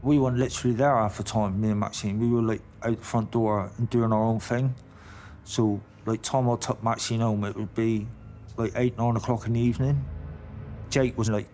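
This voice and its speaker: A man's voice: mid-range voice, steady tone, brisk, darkish tone, faint music behind. A man recounting past events in a blunt, informal way, swearing often. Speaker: interviewee.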